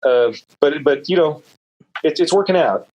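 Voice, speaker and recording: A man guest on an interview show, telling stories in a loose, rambling way with many "uh"s and repeated words, and lively jumps in pitch when he quotes people. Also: normal speed, highs cut off. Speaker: guest author. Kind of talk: casual interview storytelling.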